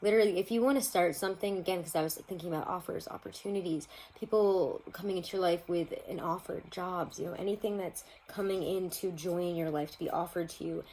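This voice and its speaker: A woman's voice: lowish voice, fairly even intonation, fairly quick, hardly any pauses, darkish tone, a little hiss or hum, low-quality recording. A woman giving a casual tarot reading to her viewers, chatty and rambling, laughing often. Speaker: tarot reader.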